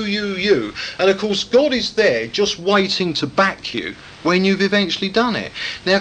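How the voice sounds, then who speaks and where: Male preacher, high voice with a lively, swooping delivery; emphatic sermon style, keeps pressing rhetorical questions. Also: slight background noise, low-quality recording.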